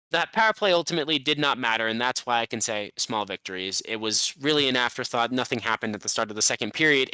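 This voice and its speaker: A man co-hosting a casual sports podcast, recapping a game in animated rants with some swearing. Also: a little high, smooth, no room sound. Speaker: podcast co-host.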